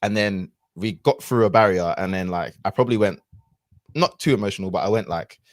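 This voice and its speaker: A man's voice: on the low side, fairly quick, no room sound, clean studio sound. A man, a podcast guest telling a personal story in a casual, reflective way with lots of fillers and restarts.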